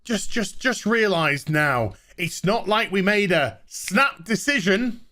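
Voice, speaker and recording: A man's voice: high voice, lively intonation, slow, bright, forceful tone. A man ranting sarcastically in an exasperated review vlog about a TV episode. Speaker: TV show reviewer.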